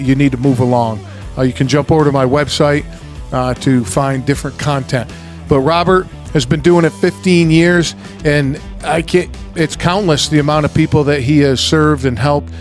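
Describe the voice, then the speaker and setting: Profane, loose-talking podcast host. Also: male voice, fairly high pitch. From upstate New York. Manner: loose and profane, quick asides. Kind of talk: casual podcast chat.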